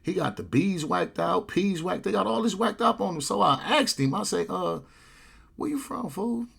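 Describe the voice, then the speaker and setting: A man with a gravelly, husky voice tells a long street story in a loose, casual way. He jumps up into high, loud voices whenever he quotes someone, then drops back to a low, easy mumble. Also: normal speed. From California. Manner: animated, acts out quoted voices with big jumps in pitch.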